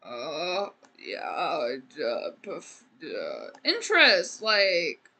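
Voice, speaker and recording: A woman's voice: deep voice, huge pitch swings, very slow, sharp tone, husky. A woman streamer giving casual gameplay commentary, rambling and joking as she talks to the game characters.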